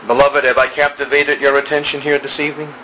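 A man preaching an evening sermon, slow and emphatic, building through repeated phrases. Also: medium pitch, level tone, bright, forceful tone, slight background noise, rough recording.

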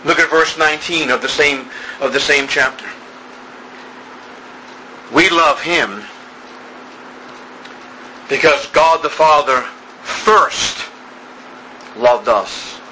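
A man preaching an evening sermon, slow and emphatic, building through repeated phrases. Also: on the high side, bright, forceful tone, slight background noise, rough recording.

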